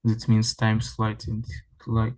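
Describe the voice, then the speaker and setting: Guy in an online class, super slow and hesitant. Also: on the low side, completely flat delivery, a little mellow, poor audio. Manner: halting, hesitant non-native English. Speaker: student. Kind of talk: answering in class. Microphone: video call.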